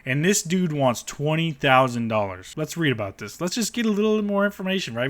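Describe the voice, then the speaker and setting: A man's voice: fairly high pitch, sing-song, fairly quick. A man hosting a car channel, ranting bluntly and sarcastically with plenty of swearing as he reviews car listings.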